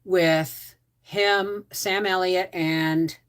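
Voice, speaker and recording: A woman's voice: fairly low pitch, steady tone, extremely slow. A woman hosting a casual livestream, rambling with frequent restarts and asides. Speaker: homestead channel host.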